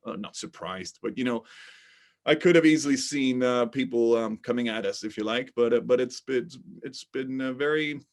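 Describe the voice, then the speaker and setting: A man, a business co-founder, speaks in conversational interview answers. His pitch sits in an ordinary middle range for a man. He is halting and often repeats a word several times before the sentence comes. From Sweden.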